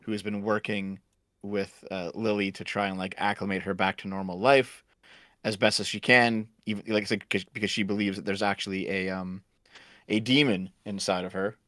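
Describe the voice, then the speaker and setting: A man's voice: on the low side, flat delivery, moderate pace, fairly bright tone, dry recording. Regular guy breaking down a movie plot, dry close sound. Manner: explanatory, loose, swears casually. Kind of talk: casual movie discussion.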